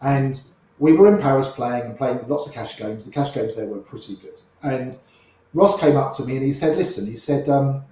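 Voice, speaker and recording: A man's voice: medium pitch, normal speed, mellow, very echoey, low-quality recording. A middle-aged man telling chatty, wry anecdotes as a guest in an interview, often repeating himself mid-story. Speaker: interview guest, poker player.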